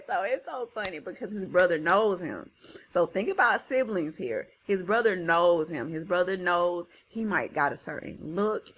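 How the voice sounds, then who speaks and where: Animated woman teacher reading aloud. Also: fairly low pitch, normal speed, a little hiss or hum. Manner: animated, slangy asides, soft reading. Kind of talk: reading a story aloud with commentary.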